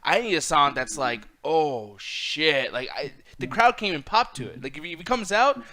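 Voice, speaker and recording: Man, high voice, bright and forceful, animated rant, heavy swearing, podcast chat. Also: a little fast. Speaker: co-host.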